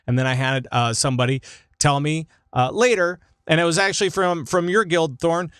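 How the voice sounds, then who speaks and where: A man hosting a podcast in casual chat, lively and jokey, from Minnesota. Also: fairly high pitch, normal speed, smooth, no room sound, studio quality. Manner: lively, jokey, breaks into big laughs. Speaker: podcast host.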